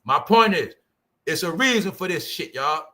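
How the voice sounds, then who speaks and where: A man's voice: on the high side, expressive, moderate pace, bright, forceful tone. A man hosting his own channel, delivering profane, combative commentary to a live chat and peppering it with rhetorical questions. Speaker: channel host.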